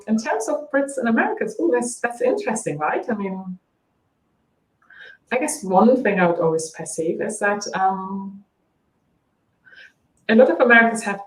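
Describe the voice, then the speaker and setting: A woman with a German accent, a branding coach chatting as an interview guest, laughing often and talking animatedly. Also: medium pitch. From East Germany. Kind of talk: casual interview chat. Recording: roomy echo.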